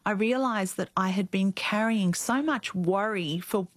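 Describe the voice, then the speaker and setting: A middle-aged woman, an interview guest, telling a deeply personal story in an earnest, reflective way. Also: no room sound. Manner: reflective, earnest, speeds up and slows down.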